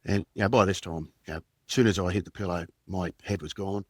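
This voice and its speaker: Low-voiced Australian man telling a story. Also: fairly even intonation, no echo. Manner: halting, reflective, many fillers and restarts. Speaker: podcast guest, former police detective. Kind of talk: personal storytelling in conversation.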